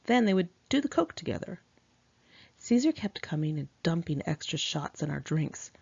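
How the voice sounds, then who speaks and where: Gravelly-voiced woman reading her memoir. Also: low voice, very animated, normal speed, darkish tone, no room sound. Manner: candid, conversational reading. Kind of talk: audiobook narration of a memoir. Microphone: home recording, single take. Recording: dull lo-fi dry recording.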